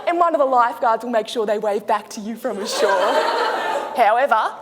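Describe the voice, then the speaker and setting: A woman with an Australian accent playing a chatty flight attendant in a comic speech, broad and slangy with deadpan jokes. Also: fairly high pitch, brisk, heavy background noise, close to an everyday voice. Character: brash chatty female Aussie flight attendant. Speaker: speech contestant. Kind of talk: comic after-dinner speech in character. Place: large hall. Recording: echoey hall.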